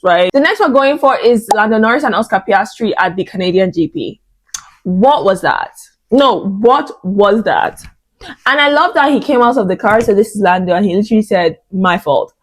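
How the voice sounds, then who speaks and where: A young woman vlogging in a casual chat, expressive and dramatic, with lots of fillers and exclamations. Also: mid-range voice.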